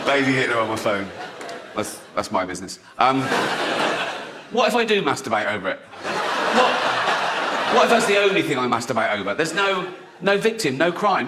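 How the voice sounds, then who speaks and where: A man's voice: a little high, very noisy. A man doing a stand-up comedy set in a chatty way. He tags lines with "right?", laughs at his own jokes and mocks other people's voices.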